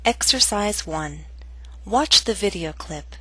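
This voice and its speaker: A woman teaching English pronunciation, reading scripted instructions and slow model sentences for learners to repeat. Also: medium pitch, expressive, pushed and bright, slight background noise, poor audio.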